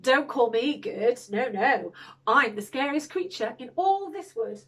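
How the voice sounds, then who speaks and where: A woman's voice: fairly high pitch, expressive, unhurried, a bit bright. A woman voicing a small, clever male mouse from a storybook, chirpy and boastful.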